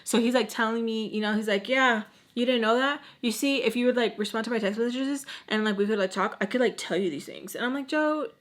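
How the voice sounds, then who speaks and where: A young woman in her twenties telling a casual storytime about her nanny job, chatty and animated, acting out what people said. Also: brisk, few pauses. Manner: chatty, animated, acts out quotes in a higher voice.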